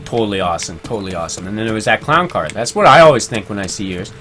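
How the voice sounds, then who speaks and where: A man's voice: on the low side, sing-song, quick pace, bright, forceful tone. A man streaming a game live, chatting casually, reading viewer comments aloud and laughing easily. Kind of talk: casual live-stream chat while gaming.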